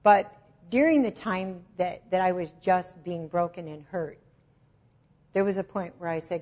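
Husky woman giving emotional testimony. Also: lowish voice, a little slow. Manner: emotional, swells louder on key phrases. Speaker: Christian speaker. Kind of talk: personal testimony sermon. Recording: dull lo-fi recording.

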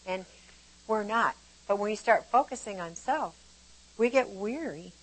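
Older woman, Bible teacher, lively storyteller who laughs easily. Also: medium pitch, unhurried, rough recording. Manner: animated storytelling, laughs often. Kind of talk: informal sermon.

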